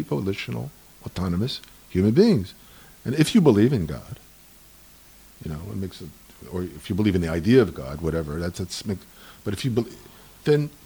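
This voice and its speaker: A man talking in a lively, argumentative way about tradition, acting out the voices in the stories he tells. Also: on the low side, vocal fry, husky. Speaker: speaker on Jewish tradition. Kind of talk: animated conversational storytelling.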